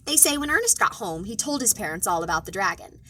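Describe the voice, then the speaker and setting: A woman librarian reading a children's picture book aloud, expressive and playful. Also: medium pitch, fast, a little hiss or hum, rough recording. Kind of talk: children's storytime read-aloud.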